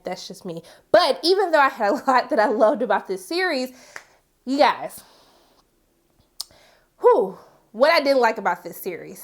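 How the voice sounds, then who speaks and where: A young woman reviewing a TV series in a casual, chatty way, with expressive, animated asides. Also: high-pitched.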